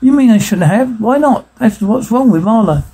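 A bragging young starship pilot, talking on and on about his own cleverness, as a man reads him aloud. The voice sits a little high, mellow and very husky. It comes from a plain audiobook reading. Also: animated, moderate pace, heavily acted, poor audio. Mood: smug.

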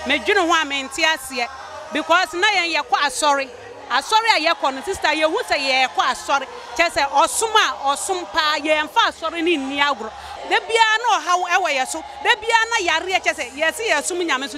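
A woman giving an emotional church testimony, animated and often exclaiming. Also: extremely high pitch, normal speed, over music, crowd noise.

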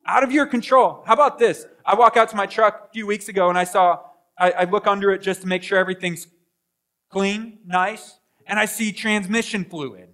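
A pastor delivering a lively sermon in a high, bright voice. He acts out voices and swings between loud bursts and hushed asides. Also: normal speed. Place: church sanctuary.

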